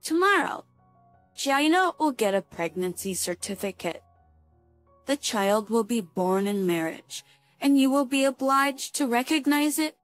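A woman's voice: high voice, expressive, measured pace, no room sound, soft background music, pitched above the performer's own voice. A woman voicing a stern, indignant mother-in-law in a spoken story, scolding in a cold tone.

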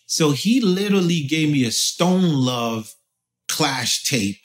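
Animated man from Haiti telling stories. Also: a little high, slow. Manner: loose, animated storytelling with many fillers. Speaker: interview guest, musician. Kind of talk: casual conversation.

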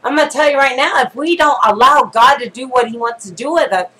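A woman preacher delivering a sermon, addressing listeners directly with emphatic warnings and reading scripture slowly and deliberately. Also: high-pitched, pushed and bright, low-quality recording. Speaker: prophetess preacher.

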